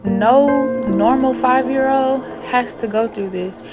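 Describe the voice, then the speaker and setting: Slow-talking woman telling a personal story. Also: a little high. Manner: emphatic, repetitive asides to the listener. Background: music.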